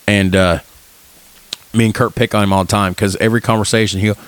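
A man in his thirties with a lowish voice, chatting casually as a podcast co-host. He jokes and rambles, and he imitates the people in his stories. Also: fairly even intonation, brisk, no room sound. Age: 30s.

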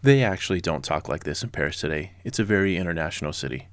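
A man's voice: low voice, expressive, fast, no echo, clean studio sound. A man in his forties from Southern California, narrating history with blunt sarcasm and casual personal asides. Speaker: podcast host.

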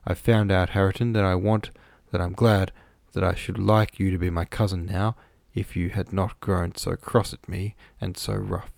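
A man's voice: sits low, flat delivery, moderate pace, creaky, hardly any pauses, a little mellow, no echo, clean studio sound. A man voicing a petulant, pleading young woman, in an earnest, coaxing storybook reading. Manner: earnest and coaxing, then tearful.

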